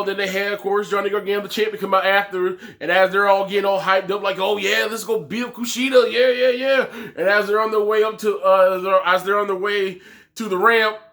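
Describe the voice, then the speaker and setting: Young man, high voice, bright and forceful, excitable wrestling reviewer, lots of exclamations. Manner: animated, exclaims often, trails off mid-sentence.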